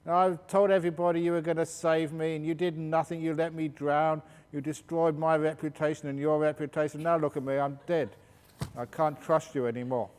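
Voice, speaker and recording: A man voicing a stubborn, devout male monk who insists loudly and indignantly, in a reverberant hall. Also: sing-song, normal speed. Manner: insistent, high and loud.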